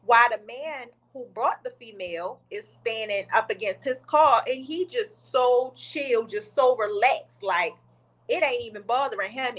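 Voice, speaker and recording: A woman's voice: fairly high pitch, low-quality recording. A woman podcast co-host, casually retelling a video she saw and acting out what people said. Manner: chatty and animated storytelling, acts out quotes.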